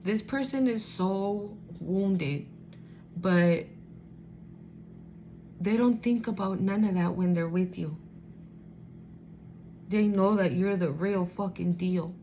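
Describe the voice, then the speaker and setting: A woman's voice: medium pitch, takes it slowly, pauses often, warm tone, muffled recording, a little hiss or hum. A woman giving a casual spiritual card reading, blunt, profane and streetwise, turning emotional as she reads. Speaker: tarot reader.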